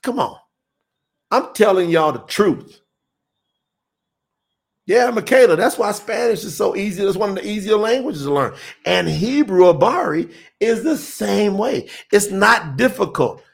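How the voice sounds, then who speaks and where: A man's voice: high voice, animated, unhurried, vocal fry. A man hosting a livestream, teaching on scripture and reading out viewer comments in an emphatic, insistent way. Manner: emphatic, insistent, laughs often.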